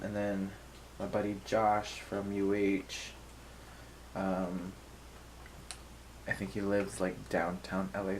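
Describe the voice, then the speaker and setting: Give me a teary young man, talking slowly and softly at home late at night, with a faint hum behind him. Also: sits low, poor audio. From Hawaii. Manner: rambling, soft, with many fillers and nervous laughs. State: emotional, teary. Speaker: vlogger. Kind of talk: casual late-night vlog talk.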